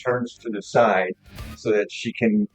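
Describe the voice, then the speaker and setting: A man running a tabletop role-play game as game master, narrating haltingly with many pauses. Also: lowish voice, fairly even intonation, faint music behind, low-quality recording. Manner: halting, with many ums and restarts.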